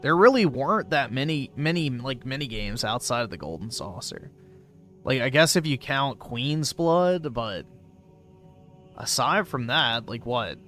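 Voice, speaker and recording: A man co-hosting a casual gaming chat, calmly pushing back with matter-of-fact points. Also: medium pitch, a little slow, soft background music. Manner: calm, matter-of-fact, correcting. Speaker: co-host.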